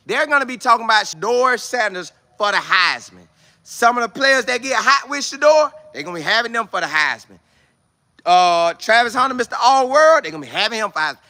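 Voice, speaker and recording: A man vlogging outdoors with no studio, talking sports in an excitable, repetitive way full of preacher-like exclamations. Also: high voice. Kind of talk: casual hyped-up monologue to camera.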